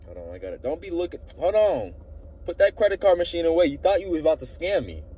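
A man vlogging from inside his car, ranting with animated outbursts and talking into a phone he holds in his hand. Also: on the high side, fast, slightly rough, far from the mic, poor audio. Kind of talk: casual car vlog chat. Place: inside a car at a drive-thru. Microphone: phone held in hand.

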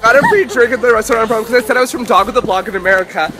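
A man's voice: very high-pitched, racing, music in the background. A young man in a phone video clip, talking in a giddy, laughing way.

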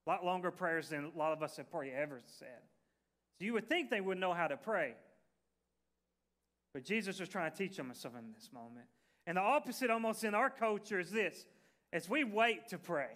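A man's voice: high voice, expressive, a little fast, fairly bright tone. A male pastor preaching a sermon in a conversational, folksy way, with fillers and restarts.

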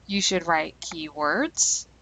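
A woman language teacher giving scripted instructional narration, speaking clearly and slowing down deliberately on key terms. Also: low-pitched, bright, forceful tone, rough recording.

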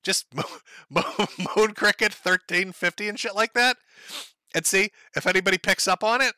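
A man's voice: high voice, normal speed, bright, forceful tone, no echo. A man hosting a casual livestream, reading chat aloud and joking crudely, often breaking into laughter.

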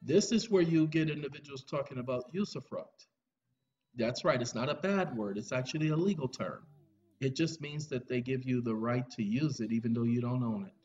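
A man's voice: mid-range voice, moderate pace, a little mellow. A tired man hosting a video, talking in a rambling, joking monologue. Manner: rambling, joking, drawling, breaks into song. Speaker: video host. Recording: dull lo-fi recording with faint music.

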